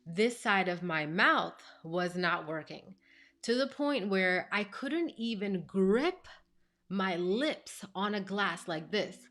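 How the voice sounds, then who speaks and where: A woman's voice: mid-range voice, slow pace. A woman in her thirties, a life coach, telling a personal story to camera in a chatty, emphatic way with lots of "like" and "you know". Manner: expressive, emphatic retelling.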